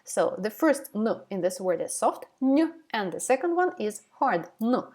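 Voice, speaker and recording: A woman teaching a language lesson, saying each word twice, slowly and carefully, with short plain explanations. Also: medium pitch, big pitch swings, a little mellow. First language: Ukrainian. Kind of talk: slow alphabet lesson with repeated words.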